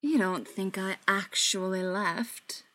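A woman voicing a condescending male vampire elder in an audiobook, speaking in a slow, mocking drawl. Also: mid-range voice, no echo. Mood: smug.

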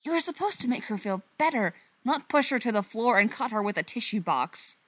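Woman voicing a gruff, incredulous young man; sharp, exasperated whisper, dry close sound. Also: on the high side, very animated, a little fast, no echo, pitched above the performer's own voice.

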